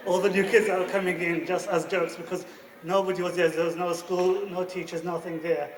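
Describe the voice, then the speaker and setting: A man's voice: high-pitched, flat delivery, fairly quick, crowd noise. A man, a former student, reminiscing plainly about his school days in an anniversary speech. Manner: warm, plain reminiscing with religious greetings. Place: school event hall. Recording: echoey hall, speaker far from mic.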